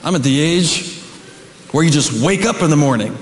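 A middle-aged man with a high voice preaches an animated sermon. He builds to shouts and drops in joking asides. The sound rings with long reverb through a church hall. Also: normal speed, a little hiss or hum. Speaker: pastor. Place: church sanctuary.

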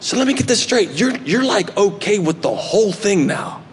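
A man's voice: high-pitched, animated, moderate pace, slight background noise. A man voicing a scared, disbelieving brother who fires off raised, incredulous questions.

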